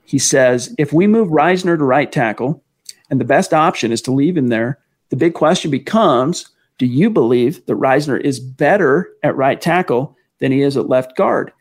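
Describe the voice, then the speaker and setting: On a casual sports livestream, a male co-host with a mid-range voice talks in an animated way at a moderate pace. He keeps things chatty, reading the chat aloud and responding to fans' questions.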